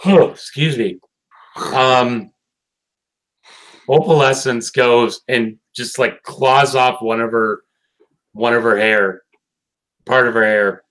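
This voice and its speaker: A man's voice: medium pitch, steady tone, slow pace, pauses often, a bit bright, poor audio. A man co-hosting a casual cartoon review chat. He sounds tired, swears often, and rambles with many fillers and restarts. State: tired, yawning late at night. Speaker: podcast co-host reviewing a cartoon episode.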